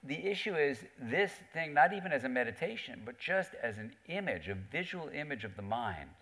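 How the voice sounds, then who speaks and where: A man's voice: medium pitch, normal speed. A middle-aged man telling stories on a theater stage, acting out the voices of the people he quotes. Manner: animated storyteller, acts out quoted voices. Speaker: author and psychiatrist guest. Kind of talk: storytelling on stage in conversation. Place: theater stage before an audience.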